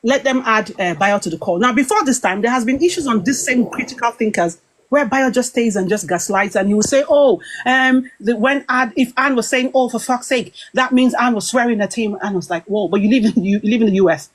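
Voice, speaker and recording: A British woman talking casually, retelling a heated group-call dispute in an animated, aggrieved way with many quoted exchanges. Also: on the high side, brisk. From Britain. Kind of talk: casual storytelling to viewers.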